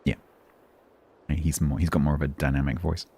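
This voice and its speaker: Very deep-voiced man in cruise mode. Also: moderate pace, breathy edge. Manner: steady, even-toned, dry self-deprecating. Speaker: streamer. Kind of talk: casual live-stream chat.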